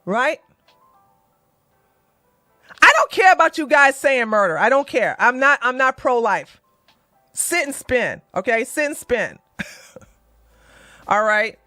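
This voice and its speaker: Woman streamer, fairly high voice, blunt and heated, swears, swings from muttering to outbursts, dry close mic. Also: takes it slowly, pauses often, no echo, faint music behind. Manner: blunt, animated, swings between low muttering and loud outbursts; swears and mocks. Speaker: commentary streamer. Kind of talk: heated livestream commentary.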